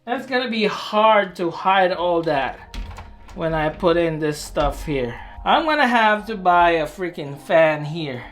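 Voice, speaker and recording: Slow, rambling adult in their thirties. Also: mid-range voice, faint music behind. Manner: rambling, chatty, self-deprecating, with filler words and excited whoops. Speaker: hobbyist vlogger. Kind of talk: casual vlog narration while working.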